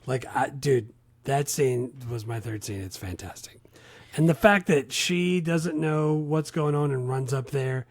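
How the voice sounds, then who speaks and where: A man co-hosting a casual movie podcast, enthusiastic but often dropping low and quiet at the ends of lines. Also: measured pace, no echo. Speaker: podcast co-host.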